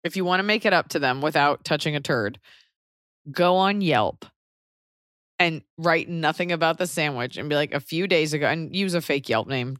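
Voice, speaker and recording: A young adult woman with a lowish voice hosts a podcast in a sarcastic, blunt, comedic way. She swears freely and the recording is close and dry, with no room sound. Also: a bit bright, dry recording. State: pregnant. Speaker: podcast host. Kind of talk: casual comedic chat.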